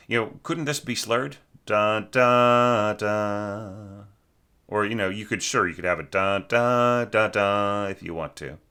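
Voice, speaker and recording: A man's voice: low voice, sharp tone. A man teaching orchestration, talking through a student's score in a loose, conversational way, often restarting sentences and singing phrases aloud. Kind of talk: informal score critique.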